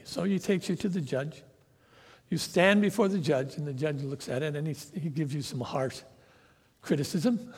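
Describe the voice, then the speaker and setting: A man's voice: on the high side, moderate pace, a little mellow, slightly rough, long reverb tail. A man preaching a sermon as a professor, telling a story and acting out what the people in it say. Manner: storytelling with acted-out quotes. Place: church sanctuary.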